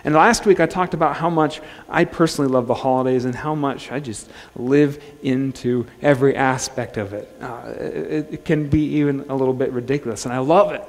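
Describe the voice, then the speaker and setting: A male pastor preaching a sermon in a relaxed, conversational way, joking and restarting his phrases. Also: medium pitch, fairly quick, hardly any pauses. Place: church sanctuary. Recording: long church-hall reverb.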